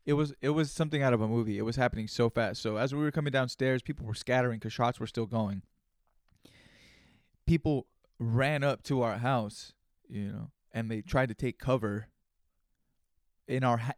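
A man's voice: mid-range voice, dry recording, clean studio sound. A man hosting his own podcast, telling a rambling, profane story in casual, conversational speech. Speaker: podcast host. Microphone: studio microphone.

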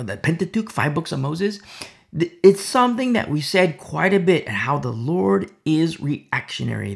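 A man's voice: fairly high pitch, creaky. A man teaching a Bible study in sermon style, emphatic, who repeats rhetorical questions and sometimes drops to a whisper.

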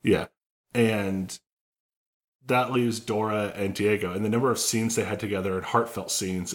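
A man with a fairly low voice co-hosts a casual movie podcast. He retells scenes with jokes and quick bursts of laughter, keeping the chat loose and playful. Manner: joking, animated storytelling with laughs. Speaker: podcast co-host.

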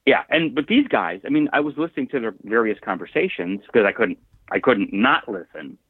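A man's voice: mid-range voice, animated, fairly quick, breathy edge, dry recording. A thoughtful, hesitant man on a podcast who keeps restarting his sentences as he works toward his point. His voice comes through a thin, phone-like line with dry, close sound. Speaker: podcast co-host. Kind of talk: casual chat.

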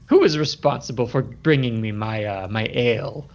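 A man doing a bossy bugbear brute, gravelly and loud. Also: medium pitch, normal speed, natural voice. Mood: demanding. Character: demanding male bugbear who dotes on his wolf. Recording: dull lo-fi recording.

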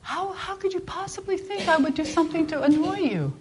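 A woman voicing a gentle, faithful donkey who softly pleads with its master. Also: extremely high pitch, lively intonation, brisk, a little hiss or hum, voice pushed up. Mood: hurt pleading.

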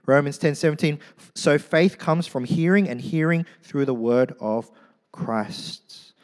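A man preaching a sermon, telling a story with lively, acted-out crowd voices and casual asides. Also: fairly high pitch, unhurried. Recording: long hall reverb.

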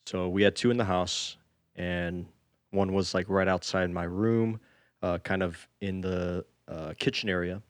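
A man co-hosting a casual podcast, telling a story in a measured, hesitant way. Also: sits low, level tone, no room sound, clean studio sound. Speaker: podcast co-host. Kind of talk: casual chat.

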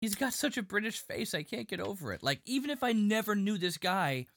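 Lively higher-voiced man, stammering. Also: brisk, gravelly. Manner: lively, self-conscious, stammering. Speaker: podcast co-host. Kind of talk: casual movie review chat.

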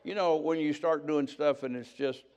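A man's voice: a little high, fairly even intonation, moderate pace, darkish tone. Older man telling his testimony. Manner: conversational storytelling, acting out quoted dialogue. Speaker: preacher. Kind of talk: sermon testimony.

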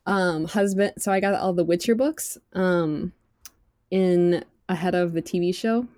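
A young woman chatting casually about books, animated and full of "like" fillers. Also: fairly low pitch, unhurried, no echo, studio quality. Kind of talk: casual chat.

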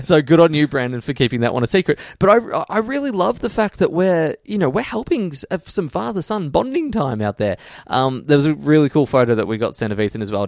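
Australian man joking through podcast shout-outs. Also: fairly high pitch, no room sound, clean studio sound. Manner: laughing, joking, reading listener shout-outs. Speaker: podcast co-host. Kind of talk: casual podcast chat.

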